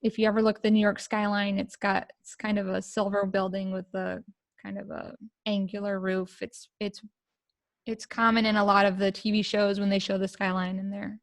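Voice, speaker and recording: Woman, middle-aged, from the United States, gravelly, flat pitch, emotional halting storytelling. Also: no echo. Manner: emotional, halting, many fillers and restarts. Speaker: podcast guest. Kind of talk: personal storytelling.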